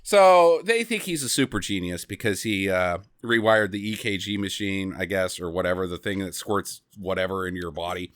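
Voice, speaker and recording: A man's voice: low voice, normal speed, hardly any pauses, dry recording, studio quality. A man co-hosting a podcast, riffing sarcastically on a bad movie in casual banter and acting out the scenes. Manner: animated, sarcastic, bursts of laughter. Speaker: podcast co-host.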